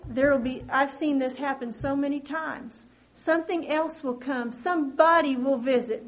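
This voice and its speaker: A woman preaching a sermon in an earnest way, her voice climbing and getting louder on key points. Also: low-quality recording. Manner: earnest, rises in pitch and volume on key points.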